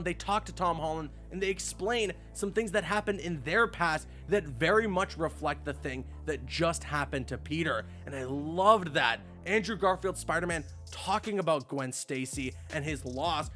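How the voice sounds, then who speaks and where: A young man reviewing a movie, gushing and excitable, his voice climbing with hype. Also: high-pitched. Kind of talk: enthusiastic spoiler review.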